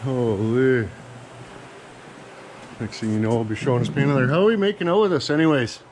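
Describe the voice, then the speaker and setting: A man's voice: mid-range voice, a little fast, poor audio. A man vlogging casually about fixing engines, joking and rambling with some swearing. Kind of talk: casual garage chat. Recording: loud outdoor noise.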